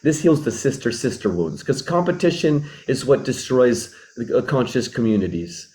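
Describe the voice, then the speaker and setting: A man's voice: mid-range voice, big pitch swings, normal speed. A man speaking as a relationship mentor, explaining in an earnest, reflective way and often restating his points. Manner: reflective, repeats and rephrases, acts out sample dialogues. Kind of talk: earnest teaching talk.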